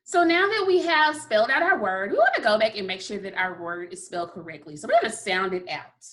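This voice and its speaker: A woman's voice: medium pitch, expressive, a bit bright. A woman teaching a recorded phonics lesson to kindergarteners, sounding out letters and praising often. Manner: slow, encouraging, sounds out letters.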